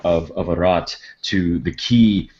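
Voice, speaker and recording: A man's voice: sits low, slow, darkish tone, lo-fi sound. A man playing a tabletop game, describing his character's actions hesitantly. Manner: hesitant, with many fillers. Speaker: player. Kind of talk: tabletop role-play.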